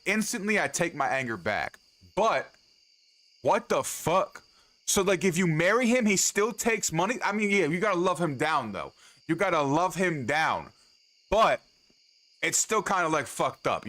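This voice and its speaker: A man's voice: fairly high pitch, very animated, normal speed, a bit bright. A young man from New York live-streaming a game, chatting casually with viewers in a playful, profane, hyped-up way. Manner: profane, playful, hype banter with chat. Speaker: livestreamer. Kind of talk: casual live-stream chat while gaming.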